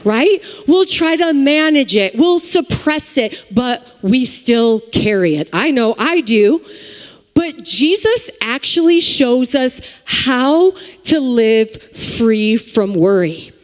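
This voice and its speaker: A woman in her thirties giving a sermon, chatty and joking with the congregation between points. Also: a little high. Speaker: speaker at a church service. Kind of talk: sermon with personal stories. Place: large church hall with live audience. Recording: long hall reverb.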